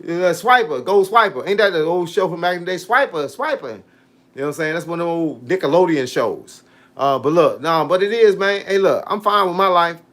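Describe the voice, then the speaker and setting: A man in his late fifties hosts a casual livestream as a boxing coach, talking straight to viewers. His voice sits fairly high for a man. He is animated and preachy, with heavy street slang. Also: brisk. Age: 50s. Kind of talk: casual livestream chat reading comments.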